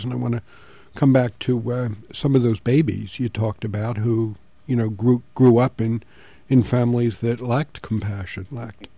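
A middle-aged man hosting a public radio call-in show, speaking in a thoughtful, halting way into a studio microphone. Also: medium pitch, vocal fry, dark tone, no echo. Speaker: radio talk show host.

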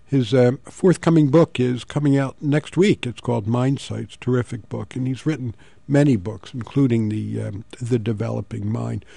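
A middle-aged man hosts a public radio call-in show, his voice mellow and gravelly. He speaks in a thoughtful, halting way, restarting his phrases. The studio sound is close and dry. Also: mid-range voice, steady tone, dry recording. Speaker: radio talk show host. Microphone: studio microphone.

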